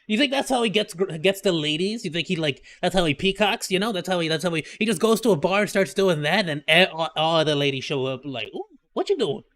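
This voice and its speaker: A man live-streaming, reacting to clips with excitable jokes and frequent laughter. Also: sits high, fast talker, hardly any pauses. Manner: excitable, joking, laughs often.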